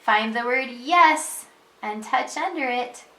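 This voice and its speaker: A woman teaching a reading lesson to preschoolers, patient and sing-song, bursting into excited exclamations when she reads. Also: fairly high pitch, slow pace, reverberant. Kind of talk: reading lesson for young children.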